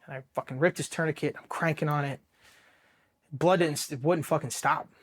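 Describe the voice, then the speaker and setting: Male veteran, slightly high voice, profane and halting, interview storytelling, from Ohio. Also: fairly even intonation. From Ohio, USA. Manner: raw, profane, halting with many restarts; emotionally charged, dropping quiet at painful moments. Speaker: Marine veteran telling his war story.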